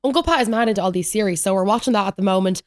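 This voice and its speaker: Fast-talking young woman podcaster. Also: mid-range voice, dry recording, studio quality. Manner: chatty, rambling storytelling with lots of "like". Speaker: podcast host. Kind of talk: solo podcast rant, casual chat.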